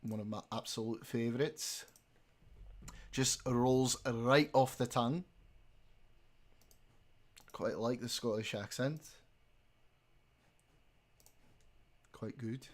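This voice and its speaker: A man's voice: mid-range voice, steady tone, slow pace, pauses often. A man doing a put-on Scottish accent. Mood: pleased.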